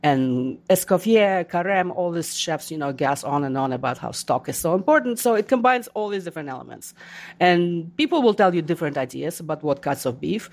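A woman's voice: lowish voice, fairly quick. A woman, an author being interviewed, telling stories and acting out the voices of people she quotes. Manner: animated, acts out quoted voices. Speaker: guest author. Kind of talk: casual interview conversation.

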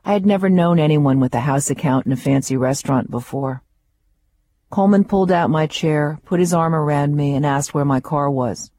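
Woman reading her memoir in a mellow voice. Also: low-pitched, normal speed.

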